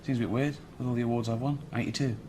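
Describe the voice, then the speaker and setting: A man playing a vain comedian in a scripted sitcom, with a smug, deadpan delivery. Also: mid-range voice, racing, a little hiss or hum, lightly acted. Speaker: self-important comedian.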